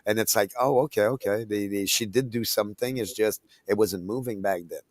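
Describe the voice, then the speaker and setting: Low-voiced man telling a halting story. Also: fairly even intonation, no echo. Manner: halting storytelling with many restarts. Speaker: podcast co-host. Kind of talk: casual chat.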